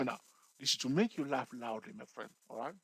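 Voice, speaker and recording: A man's voice: mid-range voice, fairly quick, gravelly, breathy edge, dry recording, low-quality recording. A man giving a casual investing tutorial, often checking in with "okay" and "all right" and joking with viewers. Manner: repetitive, peppers talk with "okay" and "all right"; lively, jokes with viewers.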